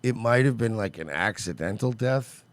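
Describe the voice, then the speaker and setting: A man with a low voice co-hosts a podcast, talking casually with crude jokes. His pitch swings a lot as he talks. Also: moderate pace, dry recording. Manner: crude joking, lively pitch. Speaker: podcast co-host. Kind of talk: casual chat.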